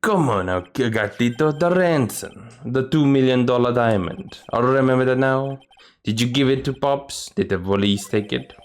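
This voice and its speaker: A man's voice: medium pitch, normal speed, natural voice. A man voicing a laid-back, cocky male lawyer who teases everyone with a swaggering drawl. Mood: teasing.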